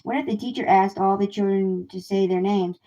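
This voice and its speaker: A woman's voice: medium pitch, fairly even intonation, a little hiss or hum, rough recording. Woman reading a picture book aloud. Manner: slow, gentle read-aloud for children. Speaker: storybook reader. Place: home livestream.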